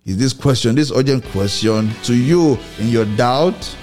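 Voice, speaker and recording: A man's voice: measured pace, a little mellow, faint music behind. Man preaching a repetitive sermon. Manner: repeats phrases for emphasis, rising and falling pitch.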